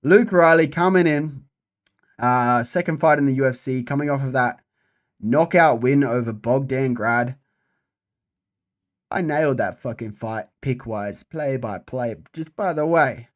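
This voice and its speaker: A young man giving a casual, profane breakdown of upcoming fights, repeating himself for emphasis. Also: medium pitch. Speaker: MMA fight predictor.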